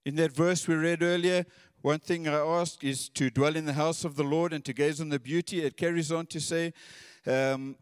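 A man's voice: a little high, steady tone, moderate pace, few pauses, clean tone, dry recording, studio quality, big-room sound. A man preaching a sermon in an earnest, conversational way, often repeating his words.

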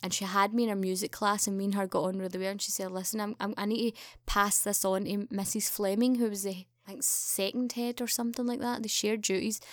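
Speaking fast with few pauses, a young podcast guest animatedly recounts a story, lifting her voice to perform each quoted line. The sound is clean studio quality with no room sound.

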